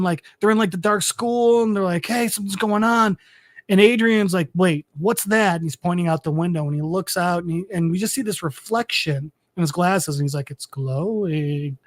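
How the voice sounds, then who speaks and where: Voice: medium pitch, no echo. A podcast co-host casually retelling a comic story, full of fillers and swearing, and briefly acting out the characters' lines. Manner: rambling, filler-heavy storytelling with swearing and quick quoted voices.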